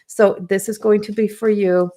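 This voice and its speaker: A woman's voice: mid-range voice, steady tone, moderate pace, mellow. A woman hosting a live card reading, reading viewer comments aloud and speaking in an emotional, affirming way. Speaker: intuitive card reader hosting a live stream.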